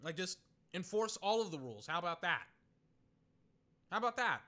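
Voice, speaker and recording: A young man's casual football commentary, his voice slightly high and edged with brightness. He grumbles through the play-by-play, then flares into exasperated, ranting outbursts. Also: moderate pace. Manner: excitable, ranting, swings between muttered play-by-play and loud outbursts. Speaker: sports commentator. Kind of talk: casual live game commentary.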